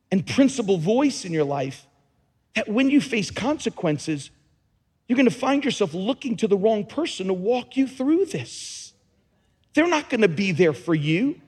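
A man preaching a sermon as pastor, his passionate delivery swinging between hushed, quiet moments and shouted peaks. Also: sits high, breathy edge, in a large hall.

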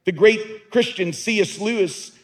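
In a large hall with a long trailing reverb, a pastor delivers a sermon in an unhurried way. His high, husky voice carries earnest emphasis, and he often doubles back on his words to press his point.

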